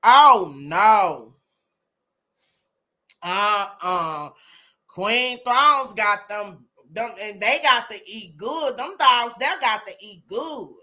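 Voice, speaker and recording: A woman's voice: medium pitch, expressive, very slow, sharp tone. A woman hosting a casual live chat, exclaiming and talking to listeners by name. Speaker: host of a live chat room.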